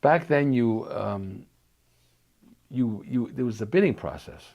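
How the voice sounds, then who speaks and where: A man's voice: mid-range voice, animated, slow pace, gravelly, darkish tone. An older man from New York reminiscing in an oral history interview, talking loosely with restarts and fillers.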